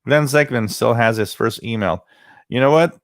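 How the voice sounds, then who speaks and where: A man's voice: medium pitch, moderate pace, dry recording, studio quality. A man, hosting a livestream, telling rambling stories and greeting viewers by name in casual chat. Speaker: livestream host.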